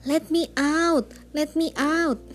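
A wrathful ancient spirit, put on by a woman reading a storybook wails high and shrill to be let out, then booms his threats slowly over faint music. His lines swing far above the reader's own slow, unhurried voice. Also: fairly even intonation. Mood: desperate pleading. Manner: high desperate cries, then bellowing threats. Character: angry ancient male spirit freed from a bottle.

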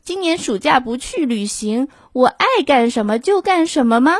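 A woman voicing an eager young boy who starts a plant-care job, speaking in a bright, excited, insistent way. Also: high-pitched, normal speed, no echo, clean studio sound, pitched above the performer's own voice.

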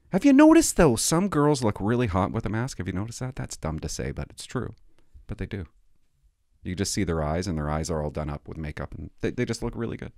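A man's voice: low-pitched, no room sound, studio quality. A middle-aged man telling a rambling, self-mocking comic story to his vlog audience. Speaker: vlogger.

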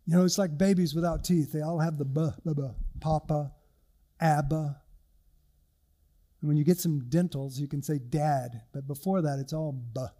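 A man's voice: fairly high pitch, steady tone, a little fast, few pauses, warm tone. An older male pastor delivering an earnest, conversational sermon with personal stories.

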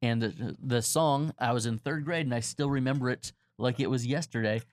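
A man's voice: mid-range voice, normal speed. A man in his forties from Florida, co-hosting a casual church podcast, telling stories and laughing often. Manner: chatty storyteller, laughs often. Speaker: podcast co-host, pastor. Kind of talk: casual chat.

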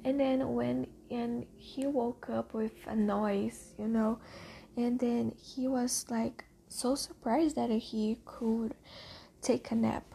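A woman casually retelling a book's story, halting and searching for words, half whispering and swearing now and then. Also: a little high, steady tone, vocal fry, dark tone, slight background noise. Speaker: reader retelling a book.

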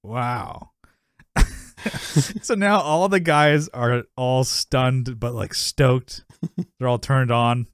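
A man's voice: medium pitch, slow pace, smooth, dry recording, clean studio sound. Rambling man recapping, laughing often. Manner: rambling, laughs often, acts out characters' lines. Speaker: podcast co-host. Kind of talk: casual chat recapping a sitcom episode.

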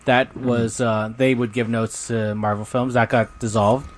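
A man co-hosting a podcast, relaxed and casual, filling pauses with um as he recounts news. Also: mid-range voice, a little hiss or hum. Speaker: podcast co-host. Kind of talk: casual chat.

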